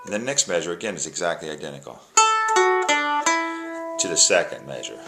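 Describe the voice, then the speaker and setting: A man with a very low voice gives a relaxed music lesson, counting the beat out loud and walking through the tune phrase by phrase. A plucked string instrument plays loudly around his talk. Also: a little fast, vocal fry. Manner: counts beats aloud, breaks tunes into phrases. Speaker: music teacher. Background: plucked string instrument playing.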